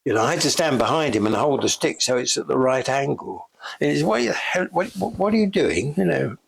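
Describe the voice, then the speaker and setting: A man's voice: medium pitch, sing-song, a little fast, gravelly, slightly rough. An older man telling chatty backstage anecdotes in an interview, laughing often and acting out the lines he quotes. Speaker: interviewee, special effects veteran. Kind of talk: casual anecdotal storytelling. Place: shop.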